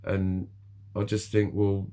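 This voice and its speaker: Deep voice guy, middle aged, rambling sweary vlog chat, laughs lots. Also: completely flat delivery, slow pace, mellow. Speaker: vlogger. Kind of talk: candid personal monologue.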